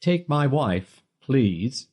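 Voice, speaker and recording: A man's voice: medium pitch, big pitch swings, extremely slow, a little mellow, slightly rough, voice pushed up, heavily acted. A man doing a flailing club comedian. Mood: game. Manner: gamely delivered punchlines. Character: struggling nightclub comedian, hopeful.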